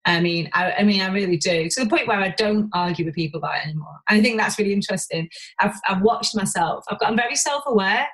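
A woman from Warrington, England, speaks candidly as a guest on a podcast, where she appears as a business owner. She talks fast and animatedly at a medium pitch, swearing freely and restarting her sentences often. The audio quality is poor.

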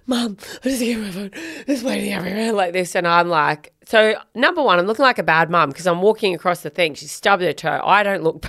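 A woman's voice: lowish voice, fairly bright tone, no room sound, studio quality. A woman, co-hosting a casual chat podcast and telling a story bluntly, swearing and acting out quotes. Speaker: podcast co-host.

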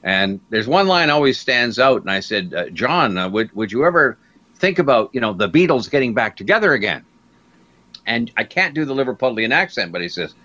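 An older man spins anecdotes with a bright, ringing tone, his pitch bouncing all over as he acts out the people he quotes. The recording sounds dull and lo-fi. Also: a little fast. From Canada. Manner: animated storyteller who acts out quotes. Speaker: guest broadcaster. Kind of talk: anecdotal interview storytelling.

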